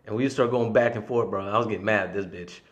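A man's voice: lowish voice, quick pace, muffled recording. Profane, rambling male podcast host. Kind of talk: casual solo podcast storytelling.

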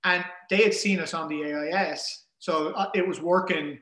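A man casually telling a story in an animated way, acting out the things people said. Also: on the high side, normal speed. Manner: animated, acts out quoted dialogue. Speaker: guest telling an ocean rowing story. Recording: roomy echo.

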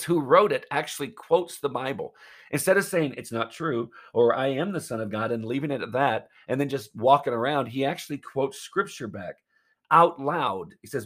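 A male pastor delivering a sermon with a slightly husky, breathy edge to his voice. He speaks earnestly and with emphasis, pressing his points home to his listeners. His pitch sits in an ordinary middle range for a man. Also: normal speed, a bit bright.

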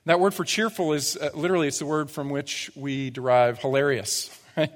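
A man's voice: fairly high pitch, fairly even intonation, normal speed, long reverb tail. A man preaching a sermon as pastor, conversational, with rhetorical asides and playful acted-out quotes. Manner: acts out little quoted voices for humor. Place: church sanctuary.

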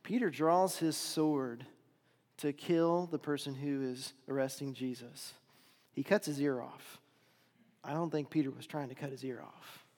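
A man preaching a sermon, retelling a story with dramatic swings between loud and hushed delivery. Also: mid-range voice, fairly even intonation, a little slow, in a large hall.

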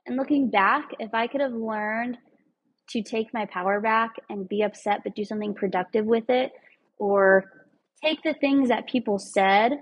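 A woman's voice: a little high, normal speed, breathy edge, poor audio. A woman speaking in an earnest, emphatic way, giving a casual motivational talk with some rambling asides.

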